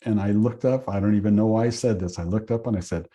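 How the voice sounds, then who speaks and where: A man from Oregon teaching an acupuncture course, telling a patient story in an earnest way and pausing often with fillers. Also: on the low side, dark tone. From Oregon, USA. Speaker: acupuncture instructor. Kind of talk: storytelling lecture.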